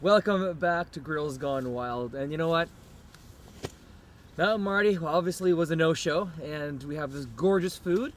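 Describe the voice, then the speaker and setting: Excitable high-voiced cooking show host. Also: male voice, unhurried, a little hiss or hum. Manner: excitable, hammy, exclaims and hollers at the food. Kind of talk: upbeat cooking demo chat. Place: outdoors on a mountain by a grill.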